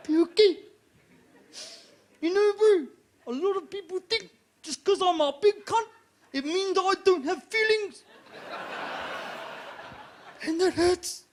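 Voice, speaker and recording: Man doing a huge soft-hearted New Zealand doorman. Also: slow pace, long pauses. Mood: wounded. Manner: high sing-song phrasing, long rising sentences. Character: huge gentle male doorman, emotional and soft-spoken. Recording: live venue recording with room noise.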